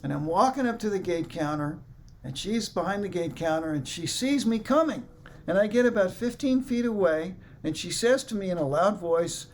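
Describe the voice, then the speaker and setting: Storytelling male speaker, acts out other voices, high-pitched, faint hiss in the background. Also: expressive, moderate pace. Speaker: musician telling a story to a congregation. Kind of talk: storytelling talk.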